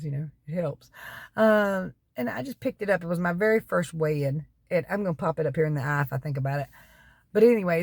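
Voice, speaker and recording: A woman's voice: fairly low pitch, no room sound. A middle-aged woman from North Carolina with a Southern accent, chatting casually to her viewers, folksy and rambling off on tangents, coughing now and then from allergies. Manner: folksy, laughs between remarks. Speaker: keto diet vlogger. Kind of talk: casual chat to camera.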